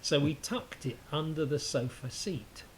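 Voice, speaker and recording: A man's voice: a little high, a little slow, rough recording. A man telling a story in a casual chat, hesitant with many ums and a dry teasing humour, over a faint hiss.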